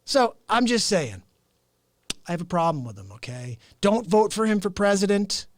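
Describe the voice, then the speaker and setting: A man hosting his show with an improvised, rambling comic rant, mock-indignant and animated. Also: high-pitched, moderate pace. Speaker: host.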